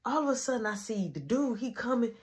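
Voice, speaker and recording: A young woman telling a story from her life in a casual, animated way, rising to loud exclamations and dropping to hushed asides. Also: fairly high pitch, fast talker.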